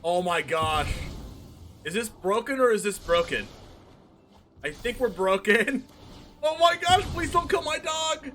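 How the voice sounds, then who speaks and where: A man giving excited gameplay commentary on a card game he streams, yelping and laughing as he talks to himself. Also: very high-pitched, measured pace, long pauses, a little hiss or hum.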